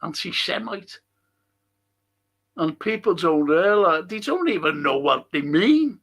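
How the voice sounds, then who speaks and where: Middle-aged Liverpool man, high gravelly voice, chatty and opinionated stream host reading out viewer comments. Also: lively intonation, measured pace, a bit bright. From England. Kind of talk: casual live-stream chat.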